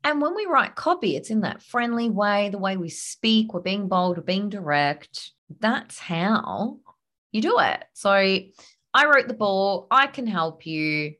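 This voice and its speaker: A woman's voice: mid-range voice, expressive, unhurried, pushed and bright. A woman hosting a podcast, coaching listeners on copywriting in a punchy, emphatic, casual way. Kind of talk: casual teaching monologue.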